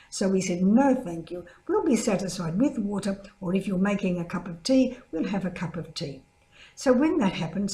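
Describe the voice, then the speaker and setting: An older woman, a religious sister, giving a gentle spoken reflection built around a story, lifting her voice to act out the people she quotes. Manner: storytelling, acts out quoted voices with higher pitch. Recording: echoey room.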